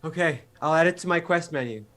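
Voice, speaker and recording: A man's voice: on the high side, bright, forceful tone. A man performing improv comedy, flustered and awkward in a game-world scene. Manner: flustered, awkward, fast rambling.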